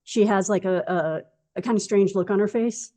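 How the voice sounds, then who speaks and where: This is a woman playing a character in a tabletop game, reasoning aloud in an earnest, rambling way with lots of fillers. Her voice is mellow and dark-toned at a middle pitch. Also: normal speed. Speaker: player.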